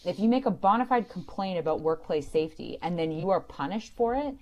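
A woman with a somewhat low voice answers callers on a radio advice show. She explains employment law in a clear, emphatic way. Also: animated, a little fast, darkish tone, muffled recording.

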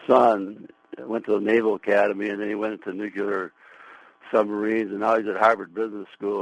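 Older male caller, very low voice, rambling, restarts, radio call, dry. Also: dry recording, poor audio. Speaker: caller, plastic surgeon.

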